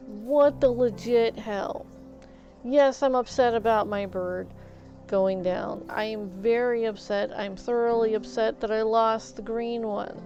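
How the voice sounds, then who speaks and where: A woman streamer with a slightly high, darkish voice speaks in a steady, unhurried way over dull audio and faint background music. Her casual gameplay commentary turns into exasperated venting, with stammering restarts and some mild swearing.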